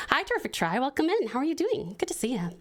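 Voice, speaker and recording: American woman streamer, bubbly chatter, slightly high, animated delivery. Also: fast talker. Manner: bubbly and chatty, often laughing. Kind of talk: live-stream story reading and chat.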